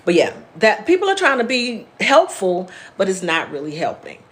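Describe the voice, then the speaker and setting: A woman's voice: mid-range voice, huge pitch swings, normal speed. Woman therapist teaching live online, chatty and plainspoken, talks back to viewers' comments. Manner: conversational, reads out and answers viewer comments by name. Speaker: therapist hosting a live wellness class. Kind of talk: casual live-stream teaching.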